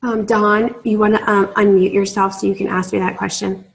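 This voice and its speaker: A woman's voice: mid-range voice, flat delivery, a little fast, vocal fry, poor audio. A woman leading a casual sales training on a video call, chatty and full of fillers, laughing easily. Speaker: team leader giving sales training.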